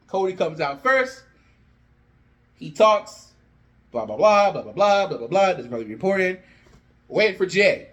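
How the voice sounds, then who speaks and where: A young man casually telling an imagined wrestling storyline, animated and jumping into characters' lines as he goes. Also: sits high, normal speed, pauses often. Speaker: wrestling fan video host. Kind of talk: casual fantasy-booking storytelling.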